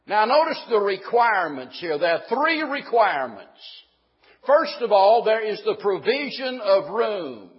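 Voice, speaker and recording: A man's voice: high-pitched, lively intonation, moderate pace, breathy edge, big-room sound, muffled recording. A man preaching a sermon to his congregation in a folksy manner that rises into emphatic preaching. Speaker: pastor.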